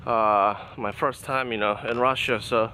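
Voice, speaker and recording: Holding the camera himself, a traveling vlogger chats casually and laughs a lot, moving from a bar to a city street at night. He speaks at a measured pace in a mid-range voice that is bright and forceful, with fairly even intonation. A little hiss or hum can be heard.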